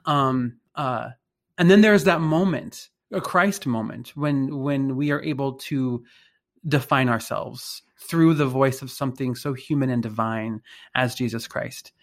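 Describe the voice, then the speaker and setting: A man reflecting on faith and identity in conversation, thinking aloud with pauses and restarts. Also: mid-range voice. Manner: thoughtful, hesitant, many fillers and restarts.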